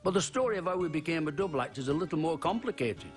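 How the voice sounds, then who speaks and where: A man's voice: on the high side, expressive, fast talker, over music. A man narrating his comedy career in a plain, wry tone. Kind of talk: documentary narration.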